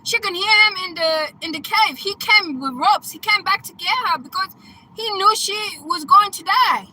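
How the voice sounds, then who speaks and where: A woman with a bright, forceful voice tells a film plot casually, bursting into loud exclamations and laughter. She talks in a chatty way, often checking in with "right?" and "okay?". There is faint noise behind her. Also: extremely high pitch, moderate pace, low-quality recording. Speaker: coach.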